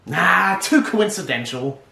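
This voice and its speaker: Sarcastic, lively video reviewer. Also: mid-range voice, measured pace, vocal fry, soft background music. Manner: sarcastic, opinionated, expressive. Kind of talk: casual commentary review.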